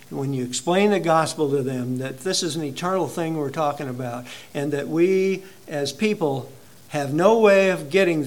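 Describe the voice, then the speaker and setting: Folksy preacher with a higher male voice. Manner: conversational and halting, telling a personal story. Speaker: pastor. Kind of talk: sermon.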